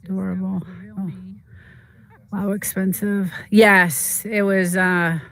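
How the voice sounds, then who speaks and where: A livestream host in casual chat who tells rambling, halting stories full of fillers and answers chat comments. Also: mid-range voice, flat delivery, vocal fry, a bit bright. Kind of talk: casual chat while streaming a game.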